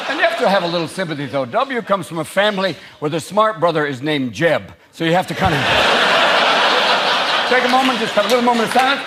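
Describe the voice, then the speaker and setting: A stand-up comedian with an American accent, in a manic style that bursts into shouted voices, on a large theatre stage. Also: male voice, sits high, big pitch swings, fast talker, heavy background noise. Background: loud laughing audience.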